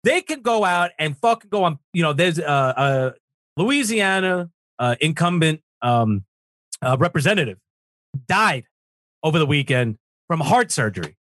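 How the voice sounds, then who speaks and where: High-voiced guy ranting, cussing nonstop, dry close sound. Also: very animated, normal speed, fairly bright tone, no room sound. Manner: profane, ranting, emphatic. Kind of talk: heated political rant.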